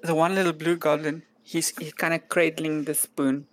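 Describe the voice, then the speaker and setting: A woman narrating as game master of a tabletop game, with calm, descriptive storytelling. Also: deep voice, moderate pace.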